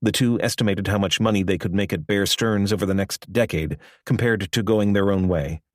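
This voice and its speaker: Low-voiced man narrating an audiobook. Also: no room sound. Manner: measured, even storytelling. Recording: dry close studio recording.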